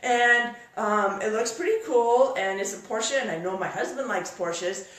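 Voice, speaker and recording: Lively woman storyteller in an echoey room. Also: medium pitch, unhurried, recorded from a distance. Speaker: workshop speaker. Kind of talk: storytelling talk to a live audience.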